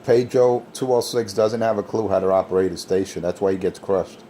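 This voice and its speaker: Low, warm-toned male radio operator, dry and scornful, faint noise behind him. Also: little pitch movement, brisk. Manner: scornful, technical put-downs. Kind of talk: on-air radio banter.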